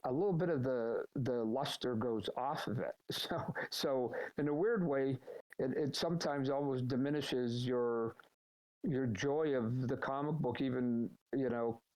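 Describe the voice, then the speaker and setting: A middle-aged man, a guest in a casual live Q&A, telling animated, rambling stories over a voice chat call. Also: medium pitch, measured pace, rough recording. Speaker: guest answering fan questions.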